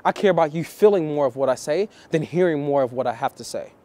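A man coaching viewers on dating in a vlog, talking deliberately and repeating key phrases for emphasis. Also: fairly high pitch, lively intonation, darkish tone.

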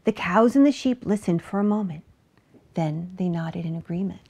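A woman reading a children's picture book aloud with an expressive, animated delivery. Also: lowish voice, moderate pace, noisy background. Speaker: storybook reader. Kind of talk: children's story read-aloud.

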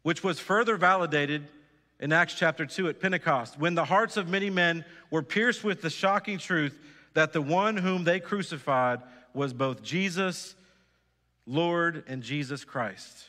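Guy preaching in a church, bright forceful voice, kinda high, earnest, lots of hall echo. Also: measured pace. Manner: earnest, exhorting, asks the congregation direct questions. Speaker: pastor. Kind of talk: sermon. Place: church sanctuary.

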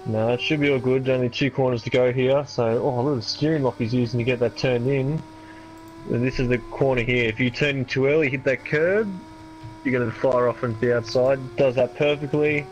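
A man giving relaxed, analytical color commentary on a sim race, with some teasing asides. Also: mid-range voice, a little fast, muffled recording, slight background noise.

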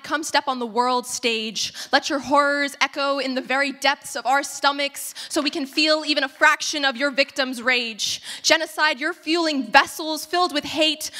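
A teenage girl performs spoken word poetry on a theater stage. Her voice sits high and bright. She pushes through each rhyme with rhythmic, impassioned force. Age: teens. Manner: impassioned, rhythmic, rhyming delivery. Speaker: slam poet.

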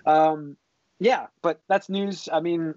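Higher-voiced man hosting a casual chat. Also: steady tone, slow pace, darkish tone, no echo. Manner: rambling, stumbles over names. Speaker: podcast host. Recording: slightly dull lo-fi audio.

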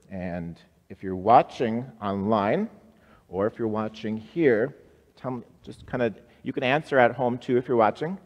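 A pastor leads a simplified worship service for people with special needs, speaking simply and with warm encouragement as listeners repeat short prayers after him in call-and-response. His voice sits on the low side, and the live-streamed service sounds dull with a long reverb.

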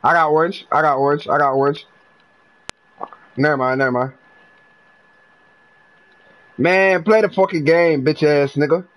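A young man from North Carolina, giving live gameplay commentary full of profane trash talk and bursts of yelling. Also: on the high side, fairly even intonation, unhurried, pauses often, low-quality recording. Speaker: gamer streamer.

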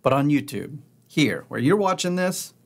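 A man's voice: a little high, big pitch swings, normal speed, gravelly. A man hosting a board game channel, giving casual, upbeat unboxing commentary and thinking aloud as he goes.

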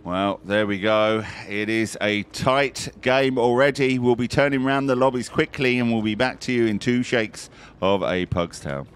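A man's voice: mid-range voice, moderate pace, few pauses, clear, resonant tone. Jokey male esports caster. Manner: jokey, irreverent, with playful banter. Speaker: esports tournament caster and host. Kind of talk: live play-by-play commentary.

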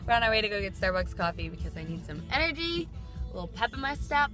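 A woman's voice: medium pitch, quick pace, music in the background. Bubbly young woman vlogging in a car. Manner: bubbly and excited. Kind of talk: casual talk to camera.

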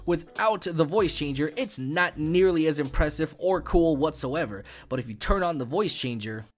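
A man's voice: on the high side, animated, moderate pace, few pauses, soft background music. Rambling, swearing young male YouTuber. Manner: rambling and profane, with frequent stumbles and fillers. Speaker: YouTube gaming host. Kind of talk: casual tutorial.

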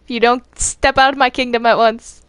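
A woman voicing a bossy, self-crowned young queen in a game role-play, imperious and shrill when crossed. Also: fairly even intonation, a little fast, a bit bright, clear, resonant tone, dry recording, close to an everyday voice. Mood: haughty. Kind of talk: Minecraft role-play acting.

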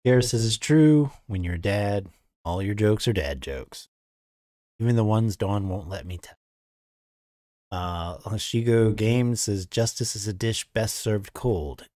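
Low-voiced American man reading chat. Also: measured pace. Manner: reads viewer comments aloud, relaxed, hesitant fillers. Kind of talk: casual live-stream chat.

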